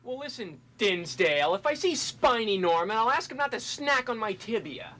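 A woman playing a gentle store clerk who earnestly argues for trapping an animal instead of killing it. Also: a little high, sing-song, moderate pace, background noise.

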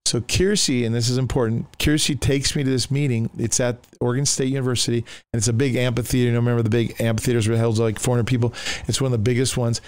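Talking fast in a mid-range voice with no echo, a middle-aged pastor tells his testimony during a conversation. He's lively and performs the voices of the characters he describes.

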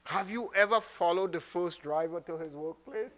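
A man preaching a sermon to a congregation, swinging between loud exhortation and soft, slow asides, and calling out to the room. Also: sits high, heavy background noise. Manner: calls out to the congregation. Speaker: minister.

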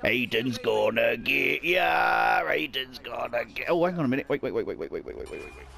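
A man's voice: mid-range voice, big pitch swings, rapid-fire, creaky, fairly bright tone. A man casually commenting on his own gameplay, muttering to himself and swearing often. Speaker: let's play gamer.

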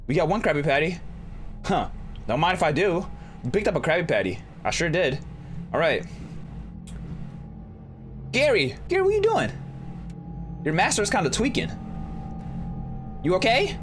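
A man's voice: very animated, normal speed, long pauses, fairly bright tone. A young man commenting on a horror game he is playing, joking and squealing when startled. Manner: jokey, jumps into high squeals when startled. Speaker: gaming YouTuber. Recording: music bed under voice.

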